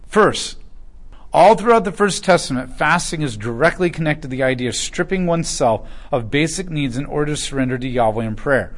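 A man giving a conversational Bible study lecture, speaking emphatically and sometimes acting out the people he quotes. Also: fairly high pitch. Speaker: Bible teacher.

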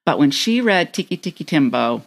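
A woman with a low voice and a gravelly edge, co-hosting a casual podcast chat. She talks in a reflective, storytelling way about memories. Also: sing-song, normal speed. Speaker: podcast co-host.

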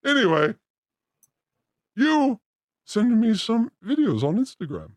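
A man's voice: very high-pitched, sing-song, slow pace, no echo, clean studio sound. A man hosting a podcast with a crude, theatrical, joking manner. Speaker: podcast host. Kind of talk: crude casual banter.

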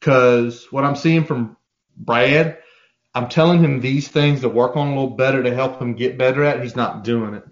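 A man co-hosting a casual sports podcast, talking in an animated, profane way and acting out quoted voices. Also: mid-range voice, moderate pace, muffled recording. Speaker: podcast co-host.

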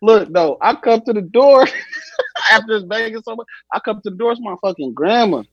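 A young man telling a funny story on a podcast, animated, slangy and laughing often. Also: high-pitched, moderate pace, husky, no room sound, dull audio. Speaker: podcast guest. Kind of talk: casual storytelling.

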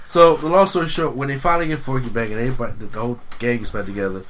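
A man's voice: medium pitch, steady tone, very fast, a bit bright, a little hiss or hum. A man casually retelling a film plot to friends, acting out the characters' lines as he goes. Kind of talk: casual movie recap chat.

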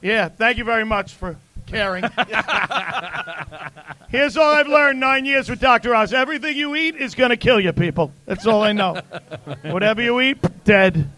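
Brief: male comic, high voice, deadpan delivery, dry close mic. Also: normal speed, dry recording. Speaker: comedian guest. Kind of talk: casual joke-telling chat.

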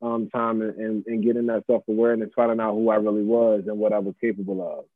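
A man's voice: lowish voice, little pitch movement, fast talker, no echo. A man in his mid-twenties, a guest in a casual interview, talking in a laid-back, reflective way with many fillers. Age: 20s. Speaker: guest, pop-up shop organizer. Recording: tinny phone-line sound.

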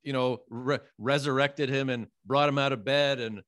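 A man co-hosts a podcast in casual chat, rambling with hesitant fillers. His mid-range voice is a bit bright, with fairly even intonation and a moderate pace. The recording is dry and studio quality.

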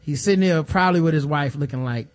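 A man co-hosting a laid-back podcast, talking in an animated, profane way and acting out the people he describes. His voice sits a little higher than most men's. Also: quick pace. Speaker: podcast co-host. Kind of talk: casual chat.

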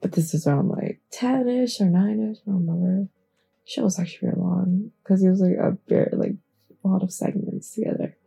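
Groggy giggly woman with gravelly voice. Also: medium pitch, brisk, warm tone. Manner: chatty, giggly, swears freely. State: groggy from waking early. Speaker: podcast host. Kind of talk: rambling casual morning chat. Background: faint background music.

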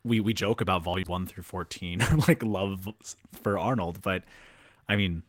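A man's voice: low voice, normal speed, dry recording. A man co-hosting a podcast in casual chat, rambling with lots of fillers and frequent laughs. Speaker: podcast co-host.

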